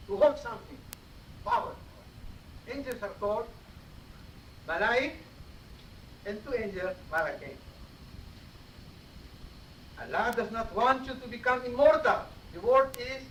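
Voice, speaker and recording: A man delivers a teaching sermon in a mosque hall, pausing to check that his listeners follow. He sounds far from the microphone, in a reverberant room, captured on an old 1980s cassette with a light hiss. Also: very high voice, sharp tone. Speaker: preacher giving a Friday sermon. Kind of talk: explanatory sermon. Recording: roomy, distant 1980s cassette tape with faint hiss.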